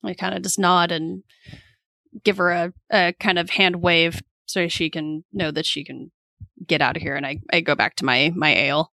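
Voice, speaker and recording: A woman's voice: lowish voice, steady tone, moderate pace, vocal fry, pushed and bright, no echo. Casual female player, dry sound. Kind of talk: playing a tabletop game.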